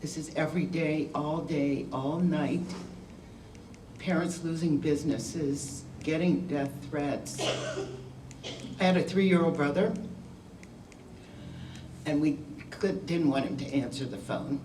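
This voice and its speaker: A woman's voice: low-pitched, takes it slowly, pauses often, mellow, slight background noise. An older woman giving a candid, wry talk to a school class, telling her own story in a conversational way. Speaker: guest speaker. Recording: roomy sound from a distant mic.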